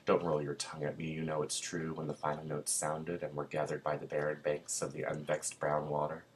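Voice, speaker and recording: Male reader with a very deep voice and a flat, unvarying delivery, measured and deadpan. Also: slight background noise, rough recording. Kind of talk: literary reading aloud.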